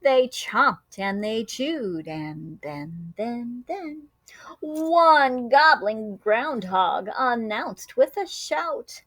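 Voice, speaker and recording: A woman teacher reads a picture book aloud to young children in a slow, unhurried way. Her voice sits a little high and leaps up and down with lively animation, and she breaks off for short asides and playful sound effects. The sound is close and dry. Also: dry recording.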